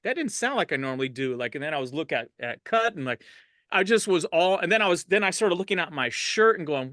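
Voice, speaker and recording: A man's voice: on the high side, expressive, fast talker, pushed and bright, no room sound, clean studio sound. A middle-aged man, a DJ, telling stories in a casual interview, laid-back and laughing often, livening up when he quotes people. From Los Angeles. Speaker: DJ, interview guest.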